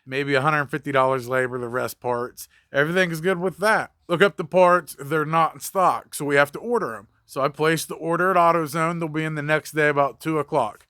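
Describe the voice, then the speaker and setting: A man's voice: fairly high pitch, fairly quick, few pauses, pushed and bright, clean tone, dry recording, studio quality. A man who works as a mobile mechanic, telling a story casually, with blunt, profane, conversational talk.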